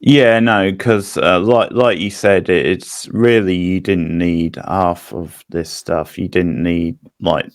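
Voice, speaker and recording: A man with a very low voice co-hosting a film review podcast. He talks hesitantly and restarts his sentences often. The recording is dry and close. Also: fairly even intonation, takes it slowly, few pauses, no echo. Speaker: podcast co-host. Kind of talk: casual film review chat.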